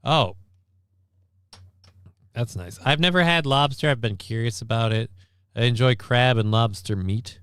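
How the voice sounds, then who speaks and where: A man's voice: medium pitch, a little slow, long pauses, clean tone, no echo. A man hosting a stream, chatting casually with filler words. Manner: relaxed, rambling, filler-heavy. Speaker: streamer host. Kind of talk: casual chat.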